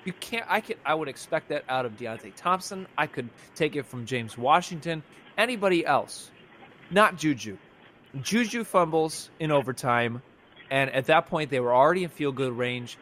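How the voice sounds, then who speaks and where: A man's voice: fairly high pitch, animated, moderate pace, fairly bright tone, a little hiss or hum. Exasperated man ranting about football. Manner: rambling, exasperated fan rant with frequent restarts. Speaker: podcast co-host. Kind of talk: casual sports fan reaction chat.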